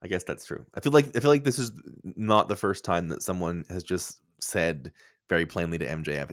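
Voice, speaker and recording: A man co-hosting a casual chat show, playful and quick to laugh. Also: low-pitched. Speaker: co-host.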